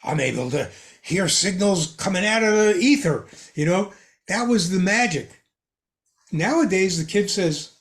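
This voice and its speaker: An older man, a guest on a hobby podcast, tells casual anecdotes with an animated, chuckling delivery. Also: high voice, a little slow. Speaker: guest ham radio expert. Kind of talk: casual storytelling in a podcast chat.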